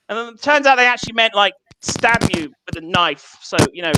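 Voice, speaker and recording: A man's voice: very high-pitched, lively intonation, brisk, noisy background. An English man doing stand-up over a video call, swearing freely and laughing at his own jokes. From England. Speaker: stand-up comedian.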